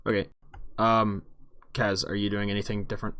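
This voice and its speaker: A man's voice: lowish voice, level tone, moderate pace, a bit bright, smooth, no echo, studio quality. A man running a tabletop game as dungeon master, asking his players easygoing questions.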